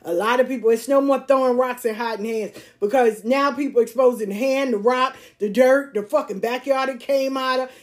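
A woman's voice: high-pitched, brisk, hardly any pauses. A woman hosting a podcast monologue, speaking bluntly and emphatically, repeating her points and laughing often. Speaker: podcast host. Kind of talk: casual monologue.

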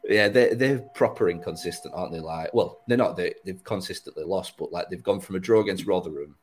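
A man's voice: low voice, a little fast, a little hiss or hum, poor audio. A man hosting a podcast, chatting casually about football with a rambling, easygoing manner and frequent laughs. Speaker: podcast host.

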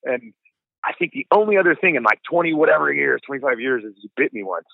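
A man's voice: a little high, expressive, fast, vocal fry, dry recording. Laid-back man on a tinny line. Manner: laid-back, says dude and like a lot. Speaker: guest, punk band singer. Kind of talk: casual storytelling chat. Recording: tinny phone-like line, dry.

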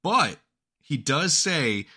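A man's voice: fairly high pitch, sing-song, drawn-out words, bright, forceful tone, husky. A man co-hosting a podcast who recaps a video game in casual chat, cursing freely and laughing often. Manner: profane, joking, laughs often. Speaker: podcast co-host.

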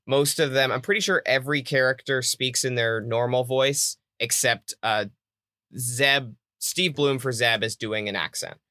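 Podcast co-host, male, American, bright tone, dry close sound, knowledgeable explainer. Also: medium pitch, measured pace, dry recording. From United States. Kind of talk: casual chat.

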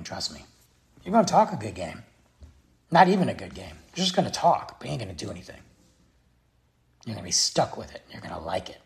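Gravelly exasperated man ranting. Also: medium pitch. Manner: exasperated, blunt, talks straight to the viewer. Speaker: vlogger. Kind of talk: opinion rant to camera. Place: Texas.

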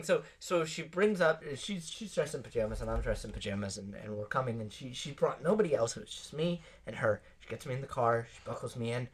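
A young man hosting a podcast, telling a story in a casual, animated way and laughing often. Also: on the high side. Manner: animated, laughing often, acts out quoted voices. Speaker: podcast host. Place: podcast studio.

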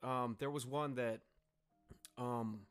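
A young man as a guest in a casual podcast chat, deadpan and joking, with frequent swearing. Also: medium pitch, slow, clean tone, faint music behind.

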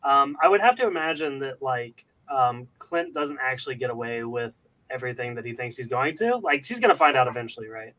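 A man's voice: mid-range voice, expressive, brisk, hardly any pauses, pushed and bright, low-quality recording. Hedging man hosting a podcast chat. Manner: hedging, thinks aloud with "um" and "right?".

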